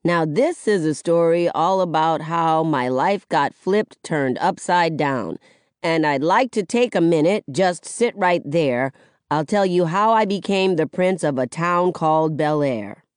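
A woman's voice: sits low, a little slow, clear, resonant tone, dry recording, studio quality. A woman voicing a playful teenage boy who chants a rap in a rhythmic, playful way. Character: playful teenage boy rapping a familiar theme.

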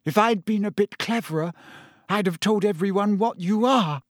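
Brief: a bright teenage schoolgirl, voiced by a man, soft and hushed, pitched up, in a dry recording. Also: moderate pace, no room sound. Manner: quiet, hushed. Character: clever, earnest teenage schoolgirl.

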